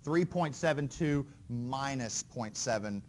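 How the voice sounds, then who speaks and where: A man's voice: mid-range voice, expressive, slow pace, slight background noise. A man giving a university engineering lecture in a conversational way, quizzing the class and often checking in with "right?" and "okay?". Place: lecture hall.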